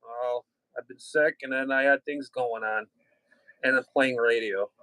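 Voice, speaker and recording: A man's voice: mid-range voice, steady tone, measured pace, pushed and bright, no echo, rough recording. A middle-aged man chatting casually over ham radio, rambling with restarts and mild cursing.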